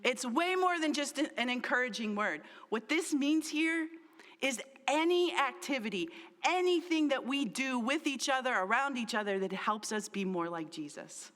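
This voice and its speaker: A woman's voice: high-pitched, expressive, normal speed, fairly bright tone. A middle-aged woman pastor preaching a sermon in an earnest, emphatic way, repeating key phrases for weight. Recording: long reverb of a large hall.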